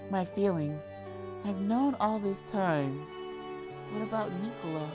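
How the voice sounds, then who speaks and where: A woman playing a video game and reading its text aloud, reacting loudly and dramatically. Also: lowish voice, measured pace, music in the background. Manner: reads dialogue aloud, with loud dramatic reactions. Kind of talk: let's play reading and reacting.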